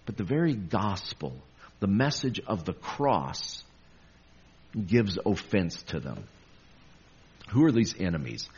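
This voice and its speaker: Low, husky male preacher. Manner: emphatic preaching with lively rises on quoted verses. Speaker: pastor. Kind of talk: sermon. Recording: dull lo-fi recording.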